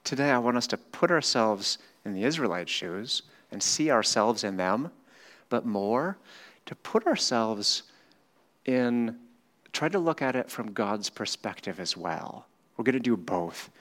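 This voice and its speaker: A middle-aged man delivers a sermon at an unhurried pace in a church. His voice sits at an ordinary male pitch. He swings from loud, animated passages down to near-whispered reflection. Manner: dramatic swings from loud, animated acted quotes to quiet, slow reflection. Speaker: pastor. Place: church hall with a screen.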